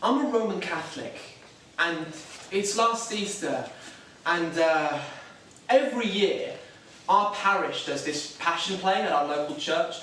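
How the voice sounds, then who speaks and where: A man's voice: sits high, expressive, a little slow, sharp tone, slight background noise, full character voice. An actor playing a nervous, self-doubting young Catholic man, talking in a hesitant, wry, self-deprecating way in a stage drama. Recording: echoey room, mic far off.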